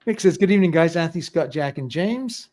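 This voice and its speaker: A man's voice: on the high side, animated, fairly quick, a little mellow. A middle-aged man hosting a livestream, chatting casually, reading viewer comments aloud and laughing often. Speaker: livestream host.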